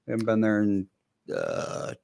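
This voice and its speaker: A man's voice: lowish voice, wildly swooping pitch, normal speed, creaky, a little mellow, clear, resonant tone. A man in a casual family chat, laid-back and giving mostly short replies. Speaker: family member.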